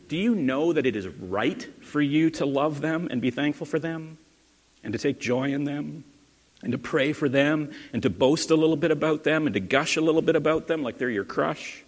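A male pastor giving a sermon in an earnest, conversational way, asking his listeners questions. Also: fairly high pitch. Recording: long hall reverb.

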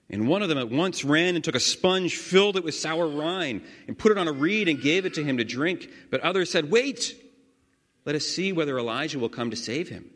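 A man leading a guided scripture meditation, reading slowly and earnestly with sudden swells of emphasis. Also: on the high side, a bit bright. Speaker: prayer leader. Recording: long hall reverb.

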